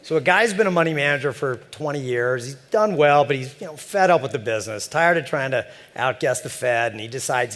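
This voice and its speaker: A man's voice: medium pitch, lively intonation, a little fast, hardly any pauses, fairly bright tone. Chatty man speaking in an echoing hall. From San Francisco Bay Area. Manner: joking, chatty, many fillers. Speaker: conference speaker. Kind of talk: conference talk. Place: large conference hall. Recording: echoey conference hall over PA.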